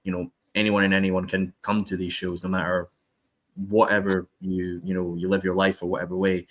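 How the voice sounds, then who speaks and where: A man's voice: low voice, flat delivery, brisk, a bit bright. A man hosting a podcast interview, blunt and emphatic, swearing freely. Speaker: podcast host.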